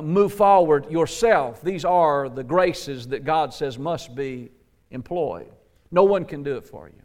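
High-voiced emphatic preacher man. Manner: emphatic preaching, rising questions, dropping to soft endings; folksy, says "gotta" and "ain't". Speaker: pastor. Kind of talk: sermon.

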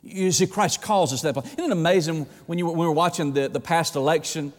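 A male pastor preaching a sermon with fervor, swinging between urgent bursts and slow, hushed emphasis. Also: fairly high pitch, in a large hall.

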